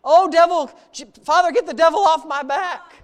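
A preacher putting on a shrill whiny believer. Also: normal speed. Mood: whining. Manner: shrill, pleading, mocking. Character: whiny churchgoer begging God about the devil. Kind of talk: sermon.

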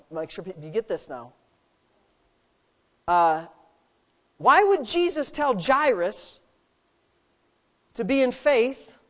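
A woman preaching a sermon, asking rhetorical questions and adding playful asides. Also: a little high.

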